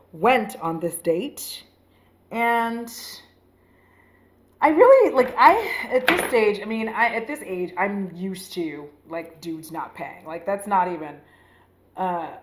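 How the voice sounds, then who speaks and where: A woman's voice: medium pitch, slow. A young adult woman telling a dating story casually while doing her makeup, swearing freely and acting out what people said. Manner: animated, profane, acts out quoted lines. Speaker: beauty vlogger.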